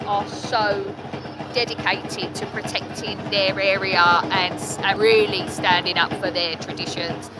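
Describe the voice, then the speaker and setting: A woman's voice: mid-range voice, heavy background noise. A woman livestreaming from outdoors at an event, chatty and opinionated, with many fillers and laughs. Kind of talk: live-streamed vlog commentary. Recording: loud music behind.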